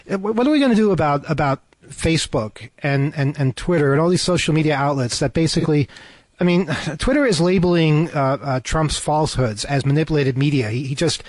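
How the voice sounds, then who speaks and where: A man's voice: a little high, a little mellow, no echo. Man reading news with sarcastic asides. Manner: hesitant, many fillers and restarts. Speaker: co-host of a talk show. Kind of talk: casual news discussion over a call.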